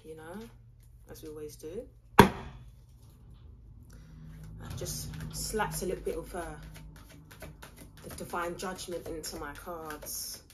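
A woman's voice: low-pitched, fairly even intonation, takes it slowly, pauses often. A woman giving a casual tarot reading, rambling, blunt and mocking. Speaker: tarot reader.

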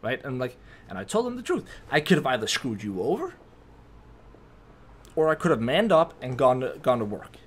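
A man's voice: mid-range voice, very animated, fairly quick, pauses often, slight background noise. A man hosting a casual storytime vlog, rambling through a story with restarts and frequent tag questions. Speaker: YouTube host.

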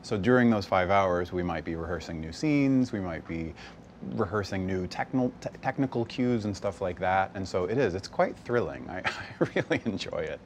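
A man from the West Coast, a stage actor, chatting as a guest in an easygoing, animated way, laughing often. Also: sits low, moderate pace, a little hiss or hum. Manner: animated, laughs often, slips into character voices briefly. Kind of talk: casual interview chat. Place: bar set.

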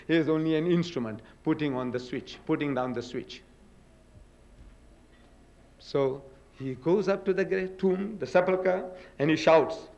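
An older man delivers a dramatic religious lecture from a podium in a hall, booming out quotes and posing rhetorical questions.

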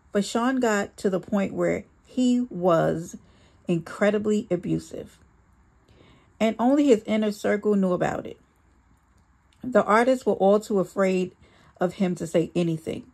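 A woman's voice: medium pitch, gravelly, darkish tone. A woman reading a first-person memoir aloud, with a dramatic, earnest storytelling manner. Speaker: audiobook reader.

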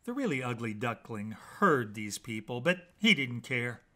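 A man reading children's bedtime stories aloud in an animated, playful way with dramatic pauses. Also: mid-range voice. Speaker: storyteller.

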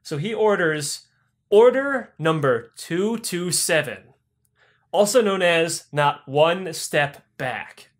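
A man's voice: on the high side, lively intonation, slow. Profane rambling comedic male storyteller. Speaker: podcast host. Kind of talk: irreverent comedic history retelling.

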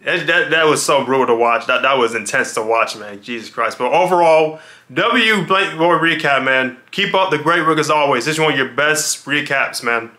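A man's voice: fairly high pitch, moderate pace, pushed and bright. A man hosting a reaction video, talking casually and loosely, often repeating himself. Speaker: reaction channel host.

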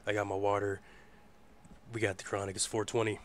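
A man hosting a casual live internet radio show. His voice is hoarse, and he rambles in a laid-back way and swears freely. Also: fairly low pitch, completely flat delivery, fairly quick. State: hoarse from a rough voice. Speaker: host.

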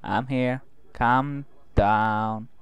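A man's voice: mid-range voice, steady tone, extremely slow, clear, resonant tone, dry recording, lo-fi sound. A man recording let's play commentary, joking and talking back to the game's characters. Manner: jokey, talks back to game characters. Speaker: gaming video host.

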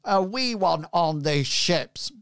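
A man's voice: sits high, expressive, takes it slowly, fairly bright tone, clear, resonant tone, no echo, clean studio sound, exaggerated voice. A man voicing a boisterous female pirate captain, with a pirate voice that slides into a rustic farmer drawl. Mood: hearty, teasing.

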